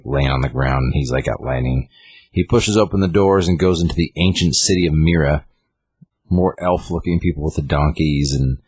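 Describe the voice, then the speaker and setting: Very deep-voiced man retelling a comic. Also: a little mellow, breathy edge, no echo. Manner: rambling, lots of fillers, reads out character lines. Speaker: comic book podcast co-host. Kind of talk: casual chat, retelling a comic story.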